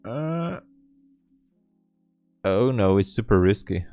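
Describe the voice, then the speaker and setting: Slow, low-voiced man thinking aloud. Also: soft background music. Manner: muttering, joking, self-talk with sighs and fillers. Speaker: day trader streaming live trades. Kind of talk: live trading commentary, thinking aloud.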